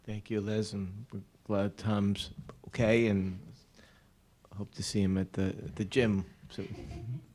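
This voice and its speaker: Man chairing a town board, low voice, friendly and chatty between speakers. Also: little pitch movement, slow, a little mellow, slight background noise. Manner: friendly, rambling asides. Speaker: board chair running public comment.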